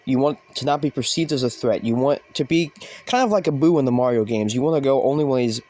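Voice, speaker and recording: A man's voice: medium pitch, lively intonation, fast, a little mellow. A man hosting a comedy show, talking in a rambling, hesitant way with many ums and uhs. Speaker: host.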